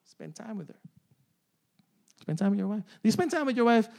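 A man in his forties preaching to a congregation in a fairly high voice. He repeats key phrases, keeps checking in with "amen?" and "right?", and laughs easily as he goes. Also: big pitch swings, normal speed, creaky, darkish tone. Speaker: pastor. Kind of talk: sermon.

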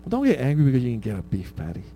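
A man's voice: medium pitch, huge pitch swings, rapid-fire, warm tone. A man preaching a conversational sermon, often asking "right?" and laughing at his own stories.

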